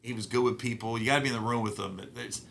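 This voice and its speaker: Give me a bright, punchy middle-aged man spinning loose, profane show-business stories as a podcast guest. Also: mid-range voice, fast talker. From Ohio. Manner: animated, profane, acts out quotes. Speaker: guest comedian. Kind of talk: casual storytelling interview.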